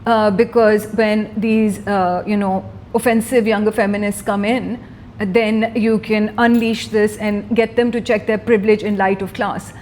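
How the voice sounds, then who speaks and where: A woman's voice: medium pitch, level tone, a little slow, a little mellow, a little hiss or hum, natural voice. A woman with a Pakistani accent playing a pompous, condescending middle-aged aunty feminist who gives a satirical mock masterclass and lectures dismissively in English and Urdu. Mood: lecturing. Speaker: satirical host.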